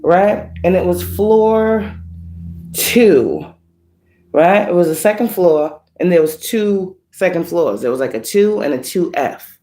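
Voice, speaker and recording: Profane animated woman telling a dream. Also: fairly low pitch, slow pace. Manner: profane, animated, laughing retelling. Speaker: spiritual reader. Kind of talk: casual storytelling to an online audience.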